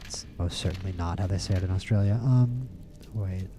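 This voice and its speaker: A streamer gives casual, rambling let's-play commentary, playful and prone to repeating words in bursts. His voice sits low and moves briskly over a noisy background.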